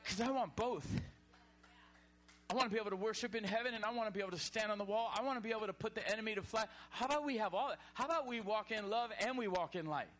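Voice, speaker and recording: Casting: energetic preacher, fairly high voice, exhorts and shouts at times. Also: male voice, fast, soft background music. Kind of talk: sermon.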